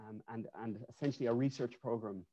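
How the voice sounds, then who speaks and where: A man presents his research in a loose, conversational way, often restarting his phrases. His voice sits at a middle pitch for a man. The video call audio sounds muffled and lo-fi. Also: fairly even intonation, fast, dark tone, slight background noise. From Ireland. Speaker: webinar presenter, architect.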